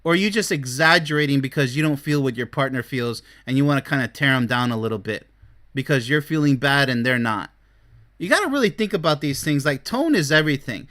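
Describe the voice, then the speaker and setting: A man hosting a relationship advice show, talking with excitable, blunt energy in a bright, lively voice and swinging between loud bursts and mocking mumbles. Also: mid-range voice, brisk. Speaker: relationship expert and show host. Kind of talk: animated solo commentary.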